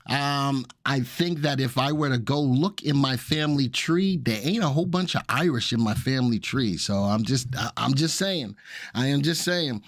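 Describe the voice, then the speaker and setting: A man's voice: mid-range voice, moderate pace, no room sound, clean studio sound. A man, hosting a casual stock-market live stream in an upbeat, jokey way and greeting viewers. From Brooklyn, New York. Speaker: livestream host of stock analysis show.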